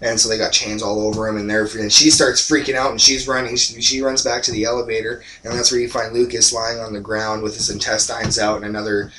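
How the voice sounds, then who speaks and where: A man's voice: lowish voice, fast, few pauses, a little hiss or hum, poor audio. A young man co-hosting a casual movie review chat, retelling the plot and acting out the characters' lines. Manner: animated storyteller, acts out characters' lines.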